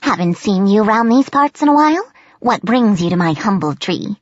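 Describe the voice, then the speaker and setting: A fussy little tree sprite with a rough, squeaky voice, put on by a woman narrator. His pitch leaps about in a suspicious, jittery way. The storybook recording sounds dry and slightly dull. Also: expressive, normal speed, dry recording, natural voice. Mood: surprised.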